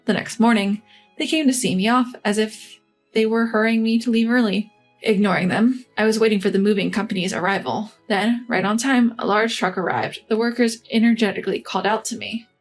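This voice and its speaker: A woman narrating a scripted first-person story in an even, composed way. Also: medium pitch, fairly quick, soft background music.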